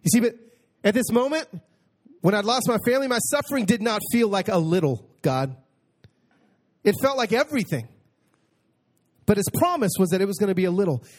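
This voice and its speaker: A man with a slightly higher voice preaches his own testimony as a sermon. He drops to hushed storytelling, then lifts into excited exclamation. When he reads scripture aloud, he slows down and leans hard on each word.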